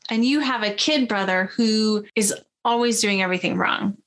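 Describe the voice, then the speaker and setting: Woman, pastor, sermon, conversational, friendly, laughs easily, mid-pitched. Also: moderate pace, fairly bright tone.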